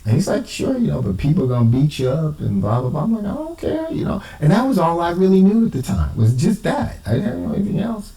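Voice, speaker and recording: A man's voice: on the high side, big pitch swings, quick pace, hardly any pauses, warm tone, echoey room, recorded from a distance, poor audio. A man, an amateur cipher investigator, talking in an emphatic, indignant personal monologue. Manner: emphatic, indignant, quotes others in exaggerated voices.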